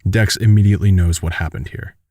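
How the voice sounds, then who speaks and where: A man narrating a fanfiction audiobook in a steady, measured storytelling manner. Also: sits low, no echo, clean studio sound.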